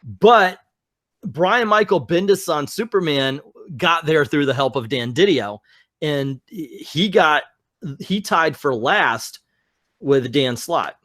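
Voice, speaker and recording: A man's voice: on the high side, lively intonation, slow, a bit bright, dry recording. Casual male podcast host, dry close mic. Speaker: podcast host presenting awards. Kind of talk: casual group chat.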